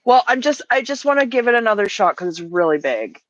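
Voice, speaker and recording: A woman's voice: fairly high pitch, very animated, a little fast, dry recording, lo-fi sound. A woman streaming casual chat while drawing, flustered and rambling, laughing easily.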